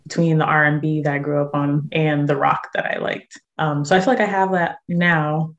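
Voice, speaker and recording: A woman's voice: sits low, flat delivery, moderate pace, muffled recording. A young woman from San Diego, chatting casually as an interview guest, full of fillers and easy laughs. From San Diego, USA. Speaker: guest musician and actress.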